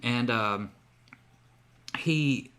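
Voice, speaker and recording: A man's voice: mid-range voice, drawn-out words, fairly bright tone, clean tone. Rambling male podcast host. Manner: rambling storyteller with many fillers. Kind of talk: casual chat.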